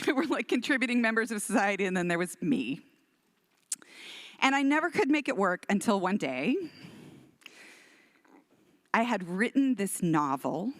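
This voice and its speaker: A middle-aged woman from Houston, giving a storytelling keynote in an animated, self-deprecating way. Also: a little high, no room sound. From Texas, Houston. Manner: animated, self-deprecating, acts out quoted voices. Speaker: keynote speaker, author.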